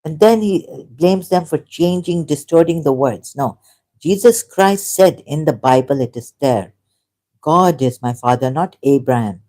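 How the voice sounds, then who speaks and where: A woman, hosting a livestream and talking off the cuff in a rambling, animated way, often breaking into laughter. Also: low voice, a little slow. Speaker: livestream host. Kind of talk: unscripted livestream monologue.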